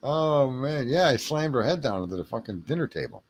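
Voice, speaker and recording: A man talks into his home streaming mic in the small hours. His speech is loose and profane, broken up by laughter and throat clearing. His pitch sits in the ordinary middle range. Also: very animated, measured pace, long pauses. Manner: rambling, self-mocking, lots of throat clearing. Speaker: livestream host. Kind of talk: late-night livestream chat.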